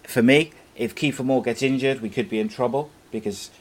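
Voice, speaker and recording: A man's voice: medium pitch, fairly quick. A man giving his views as a football pundit in casual chat, earnest and with frequent fillers and restarts.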